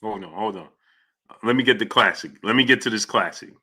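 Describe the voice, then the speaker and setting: A man's voice: fairly low pitch, a little fast, breathy edge. A man hosting a live sports stream, reacting with disbelief, repeating himself and reading out viewer chat messages. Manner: animated, incredulous, repeats phrases. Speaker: sports channel host. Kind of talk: live-stream commentary reading super chats.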